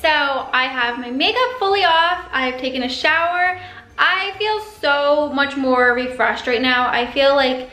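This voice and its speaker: A young woman vlogs from her bedroom with a high, bright voice. She talks casually and dramatically, tossing in quick exclamations. Soft music plays faintly behind her. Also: lively intonation. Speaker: vlogger. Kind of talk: casual chat to camera. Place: home bedroom.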